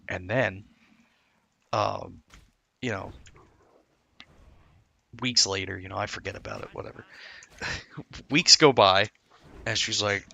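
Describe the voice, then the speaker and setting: Casual male game streamer, rambling storyteller, low gravelly voice, dry close sound. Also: fairly even intonation, normal speed, pauses often, bright, forceful tone, no echo. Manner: rambling, self-interrupting storyteller. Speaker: gameplay streamer. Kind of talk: casual gameplay commentary.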